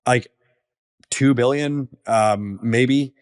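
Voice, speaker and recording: A man in his thirties, a startup founder, talking casually on a podcast with lots of fillers and quick asides. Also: medium pitch, dry recording, clean studio sound. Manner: casual, filler-heavy storytelling.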